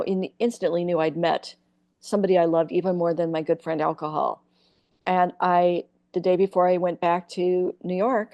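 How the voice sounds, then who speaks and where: Telling candid tales during a podcast interview, a comic actress from Iowa brings them to life by performing the quoted voices. Her voice is fairly low-pitched, captured in a dry recording.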